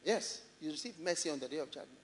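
A man with a Ghanaian English accent preaching a sermon in a church, animated and often laughing as he mimics people's excuses. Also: a little high, quick pace. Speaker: pastor. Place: large church hall.

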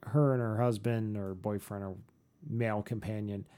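A middle-aged man, co-host of a podcast, telling a story casually, animated and self-mocking, with frequent swearing. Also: fairly low pitch, normal speed, clean tone.

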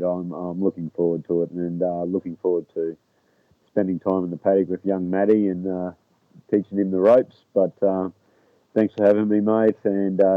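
Aussie bloke guesting on a podcast, deep voice, sounds like it's over the phone, dry. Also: male voice, dry recording. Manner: halting, repeats words as he starts. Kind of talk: casual podcast interview. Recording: dry, tinny phone-like line.

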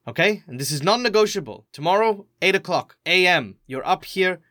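A man's voice: high voice, lively intonation, fairly quick, no echo, studio quality, voice pushed up. An Australian man voicing a caring middle-aged woman foster worker who is firm yet tender. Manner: motherly, firm then soft.

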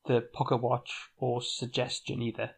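A man's voice: mid-range voice, monotone, moderate pace, creaky, husky. A man co-hosting a casual board game podcast, easygoing, reading card text aloud and chatting. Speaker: podcast co-host.

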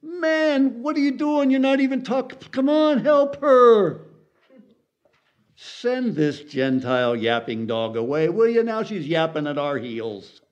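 A man's voice: extremely high pitch, measured pace, voice pushed up. A man voicing a group of impatient male disciples who nag and complain in a whiny way. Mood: exasperated. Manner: whiny, pleading, nagging. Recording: dull lo-fi recording.

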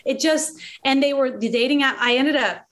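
A woman in her late thirties telling a personal story in candid conversation, animated and laughing often. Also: sits high, moderate pace. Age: late 30s. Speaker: podcast guest.

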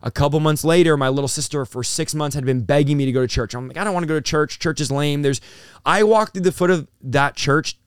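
A young man recounts his story as a pastor in an interview, pouring intensity into every line and acting out the words spoken to him. His voice sits fairly high and sounds smooth and resonant. The sound is dry and close-miked. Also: fast, no echo. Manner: intense, storytelling with acted-out quotes. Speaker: pastor and guest. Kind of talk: emotional testimony in an interview.

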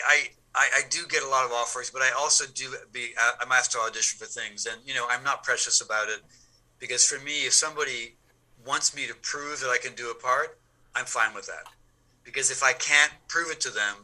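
A man talks casually in an interview about his acting work, his voice very bright and forward. He is animated, repeats himself as he builds a point, and speaks in a relaxed conversational way. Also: mid-range voice, a little fast, low-quality recording. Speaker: actor, interview guest.

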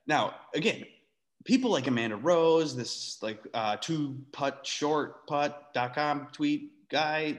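A man co-hosting a casual sports podcast, ranting in an animated, exasperated way, with sarcastic asides and free swearing. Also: on the high side. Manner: swears freely. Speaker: podcast co-host.

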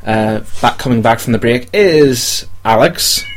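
A man's voice: medium pitch, unhurried. A man hosting a casual podcast chat, rambling and hesitant with many ums while reading a list. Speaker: podcast host.

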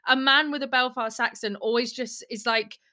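A woman's voice: a little high, fairly even intonation, moderate pace, sharp tone. A young woman chatting casually on a podcast, candid and sweary, often laughing. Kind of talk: casual chat.

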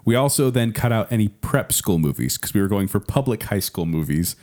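A man hosting a podcast, chatting casually and explaining at length with quick restarts. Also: lowish voice, animated, a little mellow. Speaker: podcast host.

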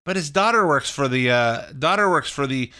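Man, radio host, bright tone, crisp clear voice, casual rambling political talk, lots of ums and restarts. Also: on the high side, expressive, moderate pace. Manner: rambling, off-the-cuff, many fillers and restarts. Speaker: radio call-in show host.

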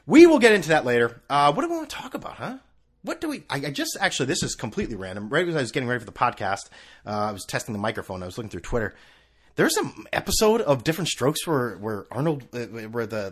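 Sarcastic rambling man, lively pitch. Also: husky. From US East Coast. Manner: sarcastic, scattered, swears freely. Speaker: podcast host. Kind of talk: rambling solo sports podcast.

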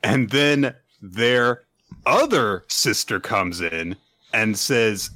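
A man's voice: lowish voice, expressive, extremely slow, sharp tone, no echo. A young man co-hosting a casual comedic recap, laughing often and breaking into silly character voices. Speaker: podcast co-host recapping a manga.

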